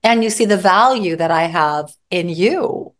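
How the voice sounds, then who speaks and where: A woman therapist speaking as an interview guest, expressive and acting out her examples vividly. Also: on the low side, a little slow. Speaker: psychotherapist guest. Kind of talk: interview conversation.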